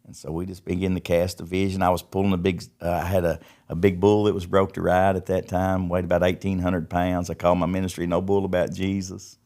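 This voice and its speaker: Middle-aged man, podcast guest, deep low voice, rambling folksy storyteller. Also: level tone, brisk, few pauses, a little mellow. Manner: folksy, repeats words as he tells stories. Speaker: podcast guest, recovery ministry founder. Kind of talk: casual testimony storytelling.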